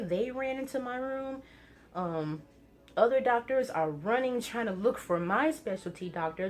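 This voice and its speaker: A young woman casually telling a personal story to camera, with many fillers and quick excited bursts. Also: fairly low pitch, a little hiss or hum. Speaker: vlogger.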